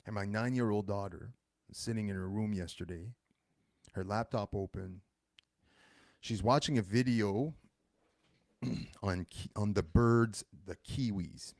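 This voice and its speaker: A man in his thirties hosts a casual monologue, rambling along and often stopping to fix his own words. His voice sits fairly low and has a gravelly fry to it. The sound is close and dry, with no room around it. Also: a little slow, a little mellow, dry recording. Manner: rambling, self-correcting storytelling. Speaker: host.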